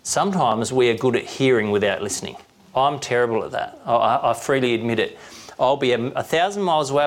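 A man's voice: medium pitch, fast talker. A man preaching a sermon in a conversational way, often asking the listeners questions.

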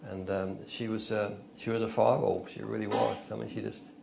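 A man's voice: on the low side, level tone, brisk, creaky, background noise. An older man preaching an informal, conversational sermon, telling stories and rising into emphatic bursts. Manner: conversational, storytelling, chuckles, rises to emphatic bursts.

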